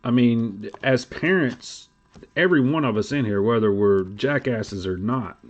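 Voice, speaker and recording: A middle-aged man, hosting a casual livestream chat and telling stories in a blunt, profane, animated way. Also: medium pitch, measured pace. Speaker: livestream host. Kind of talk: casual card-collecting talk. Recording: dull lo-fi stream audio.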